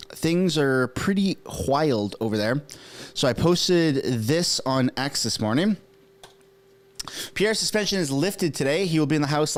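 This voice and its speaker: Excitable man hosting a livestream. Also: on the high side. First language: French. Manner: animated, swears, jokes, talks to chat viewers. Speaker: political livestream host. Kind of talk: casual live commentary.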